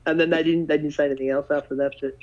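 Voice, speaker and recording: A man talks in a lively, animated storytelling way, swearing freely as he goes. His voice sits a little high for a man. The recording sounds dull and lo-fi. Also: racing. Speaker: podcast host. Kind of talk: casual chat. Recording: dull lo-fi audio.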